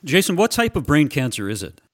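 A man's voice: on the high side, sing-song, fairly quick. A man interviewing a guest, asking direct questions. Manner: direct questions, a few fillers.

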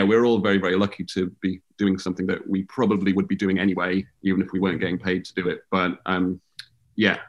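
A man, a musician guest on a video call, talking in a rambling, hesitant way full of fillers. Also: deep voice. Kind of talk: casual conversation.

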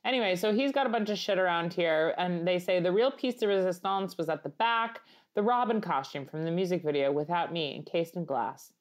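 A woman's voice: on the low side, a little fast. A woman co-hosting a podcast with a Long Island accent, chatting casually, rambling and laughing as she reads articles aloud. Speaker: podcast co-host. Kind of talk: casual comedic chat.

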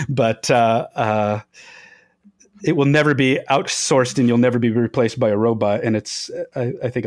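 A man, a guest on an interview podcast, telling lively anecdotes with many fillers and restarts. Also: mid-range voice, dry recording, studio quality. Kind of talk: storytelling in interview.

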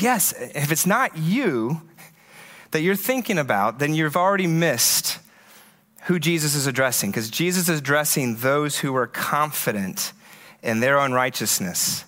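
A man preaching a conference sermon, telling stories in a conversational, animated way with frequent restarts. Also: a little high, moderate pace. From USA. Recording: echoey hall with long reverb.

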